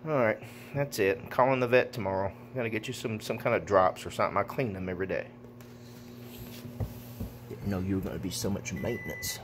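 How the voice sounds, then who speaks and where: A man filming his dogs at home on a phone, talking to them casually, laughing a lot and cooing at them in a high sing-song voice. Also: fairly quick, background noise. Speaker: dog owner filming his pets.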